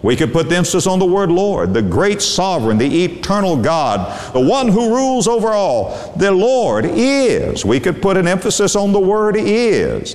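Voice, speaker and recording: Emphatic preacher in an echoing hall. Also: male voice, high-pitched, sing-song, a little mellow. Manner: emphatic, drawn-out stresses on single words. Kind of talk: sermon. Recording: long hall reverb.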